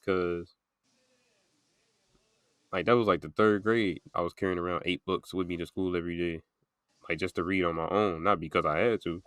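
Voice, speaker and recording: A man's voice: deep voice, steady tone, normal speed, long pauses, fairly bright tone, dry recording. A young man hosting a podcast, chatting casually and rambling with lots of "like" fillers. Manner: rambling, filler-heavy storytelling with many "like"s. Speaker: podcast host.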